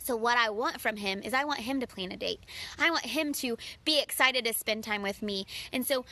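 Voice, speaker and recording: A woman's voice: fairly high pitch, normal speed, sharp tone. A married woman talking earnestly about relationships, speaking straight to listeners as her friends and acting out her own quoted lines. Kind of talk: casual direct-to-camera talk.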